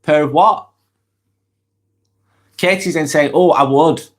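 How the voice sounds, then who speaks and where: With a cold and a Lancashire accent from England's northwest, the man talks at a slow pace in a voice on the high side. He hosts a casual live vlog, chatting away as he reads out viewer comments and responds to them directly.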